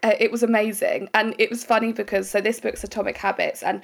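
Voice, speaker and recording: A woman's voice: medium pitch, flat delivery, fast, vocal fry. A woman hosting a podcast, chatting enthusiastically with her guest. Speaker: podcast host. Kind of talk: casual podcast chat.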